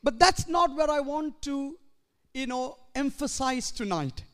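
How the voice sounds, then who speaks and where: A male pastor preaches in a strikingly high voice, taking his time over each phrase. His earnest delivery climbs now and then into shouts. The sound carries a long reverb from a church hall. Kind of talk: sermon.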